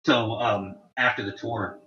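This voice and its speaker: A man in his forties casually telling rambling, profane stories about touring, with animated quoting. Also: on the low side, a little slow. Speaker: guest telling tour stories. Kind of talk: casual storytelling chat. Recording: roomy, distant, dull lo-fi sound.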